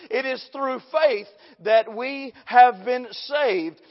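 A man preaching a sermon, building emphasis and slowing down on key phrases. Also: extremely high pitch. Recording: dull sound in a reverberant hall.

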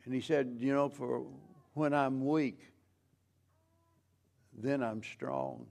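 A man preaching a sermon as pastor, slow and measured, with frequent restarts. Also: medium pitch, vocal fry, a little mellow.

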